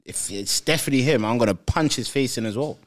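A young man co-hosting a call-in show, jumping in often with quick remarks. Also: mid-range voice. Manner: animated, interjects often. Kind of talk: casual banter.

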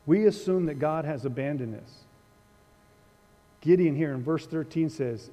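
A man's voice: on the high side, a little slow, pauses often, mellow, long reverb tail. A male pastor preaching a sermon in a conversational, dryly humorous way, with a sarcastic wit. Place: church sanctuary.

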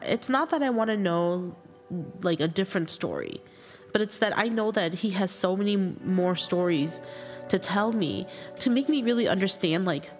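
A woman telling a personal story in a reflective, halting, earnest way. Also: medium pitch, long reverb tail. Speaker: interviewed writer.

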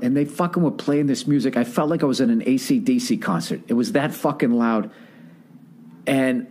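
A man's voice: on the high side, a little mellow. A middle-aged man, telling a rambling, profane comedic story as a podcast host. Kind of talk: casual comedic monologue.

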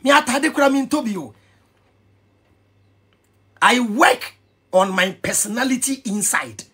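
Husky high-pitched Ghanaian man. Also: a little slow. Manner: excitable, switching between pidgin and Twi, shouting and laughing. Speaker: vlogger. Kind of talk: animated commentary rant.

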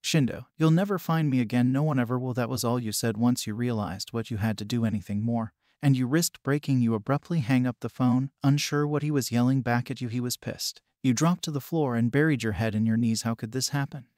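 A man's voice: mid-range voice, steady tone, fairly quick, hardly any pauses, a little mellow, no echo, clean studio sound. Man narrating a fan fiction story. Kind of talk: second-person fan fiction reading.

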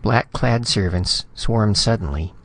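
A man narrating a science fiction story in a steady, measured reading. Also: lowish voice. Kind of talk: scripted audiobook narration.

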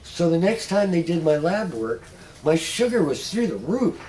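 A man's voice: fairly high pitch, very animated, normal speed, a little mellow, a little hiss or hum, rough recording. Chuckling man telling folksy stories. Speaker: patient speaker. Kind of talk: casual storytelling talk.

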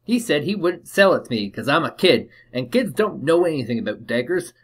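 A man's voice: a little high, very animated, fairly quick. A man putting on a Cockney street urchin boy. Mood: pleading. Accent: Cockney, put on. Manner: chattery, pleading, boastful. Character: scrappy homeless boy of seven, eager and wheedling.

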